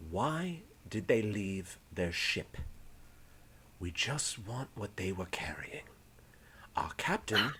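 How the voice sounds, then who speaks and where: A man voicing a soft-spoken pirate officer. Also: lowish voice, husky, exaggerated voice. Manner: soft-spoken, partly whispered, courteous threats. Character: polite menacing male pirate officer.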